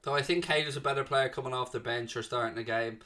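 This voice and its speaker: A man's voice: medium pitch, steady tone, fast talker, pushed and bright. A man hosting a live fan watchalong of a football match. He talks off the cuff with fillers and reads out and answers comments from the chat. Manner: chatty, thinks aloud with fillers.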